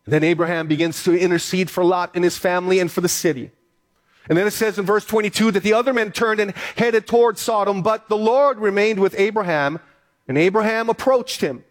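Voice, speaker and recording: A man's voice: high voice, fairly quick. A male pastor preaching a sermon, reading scripture aloud and then urging the congregation on with repeated phrases. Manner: reads scripture aloud, then exhorts with repetition.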